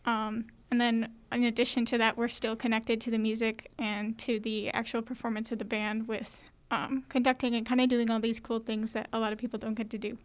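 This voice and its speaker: Teen girl guest, upbeat and chatty, smooth fairly high voice. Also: level tone, a little fast. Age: teens. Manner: upbeat, fillers like "like" and "kinda". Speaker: student drum major guest. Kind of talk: casual interview answers.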